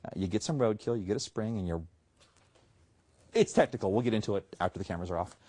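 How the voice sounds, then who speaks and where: A man's voice: lowish voice, fast talker, mellow, no room sound. A man doing comic stage patter as a magician, playful and chuckling between jokes.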